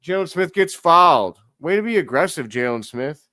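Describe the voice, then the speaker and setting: A man hosting a live stream, giving casual play-by-play commentary as an excitable fan who talks to his chat. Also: a little high, moderate pace, dry recording, studio quality.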